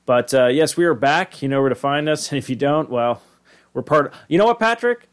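A man's voice: fairly high pitch, animated, clean tone. A man co-hosting a podcast in rambling casual chat, reacting and riffing. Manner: rambling, chatty, reacts with quick interjections. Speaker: podcast co-host.

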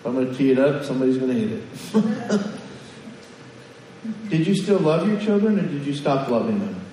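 A man's voice: medium pitch, sing-song, moderate pace, warm tone, recorded from a distance, slight background noise. Man preaching in an echoey hall. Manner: conversational preaching with questions to the congregation. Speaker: pastor. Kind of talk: sermon.

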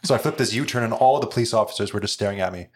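Low-ish voiced guy hosting, talks fast, easygoing anecdotes. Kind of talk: casual chat.

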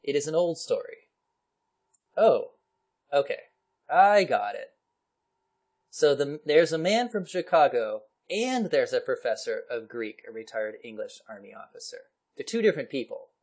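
Male host, casual history read-aloud, lively pitch, chatty asides. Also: moderate pace. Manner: animated reading with laughs and asides. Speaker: podcast host reading a historical article. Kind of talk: casual chat and reading aloud.

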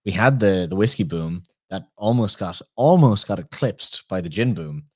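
Irish male podcast host, very low voice, dry close recording, rambling anecdotal storyteller. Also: animated, moderate pace, a little mellow, no room sound. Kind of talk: casual conversational chat.

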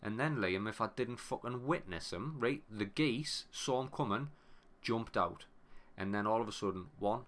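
Speaking at a moderate pace in a fairly low voice, a man in his thirties tells a story as a podcast co-host. The chat is casual, and he's animated and sweary, often stopping mid-phrase.

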